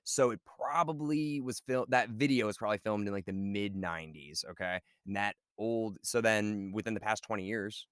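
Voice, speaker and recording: Casual low-voiced man, dry sound. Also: moderate pace, hardly any pauses, smooth, no echo. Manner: enthusiastic, says "dude" a lot. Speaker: podcast co-host. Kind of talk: casual chat about a film.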